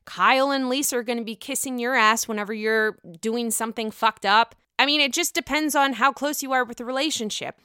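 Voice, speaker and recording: A woman's voice: fairly high pitch, a little fast, few pauses, sharp tone, clear, resonant tone, no echo, studio quality. A woman casually recapping a reality TV episode in a gossipy, blunt way, swearing freely.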